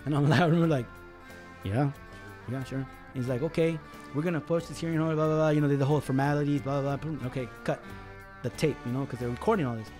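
A man's voice: fairly high pitch, steady tone, quick pace, a little mellow, soft background music. A man on a podcast telling a story in casual talk, swearing a lot and acting out what others said. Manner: swears often, acts out others' lines. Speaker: podcast guest.

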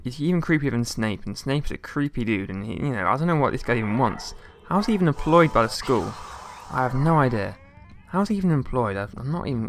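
A man talking through a video game in a loose, rambling way, tossing out jokey complaints and mock outrage as he plays. His voice sits at an everyday middle pitch. A faint hiss of noise runs under it. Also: a bit bright. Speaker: let's play gamer. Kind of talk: casual gameplay commentary.

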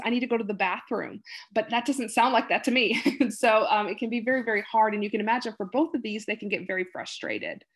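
Chatty woman giving a casual nursing lecture. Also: on the high side. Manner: chatty, rambling, many fillers and acted-out patient quotes. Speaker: nursing instructor.

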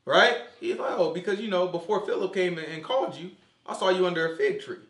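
Animated male Bible teacher, echoey room. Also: high voice, brisk. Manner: animated, quizzes listeners, acts out dialogue. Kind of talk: casual Bible study teaching.

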